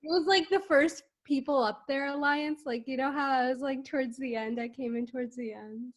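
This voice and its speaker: A woman's voice: high voice, fairly even intonation, moderate pace. A young woman chatting casually as a podcast guest on a remote call, talking loosely with many fillers. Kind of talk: casual chat.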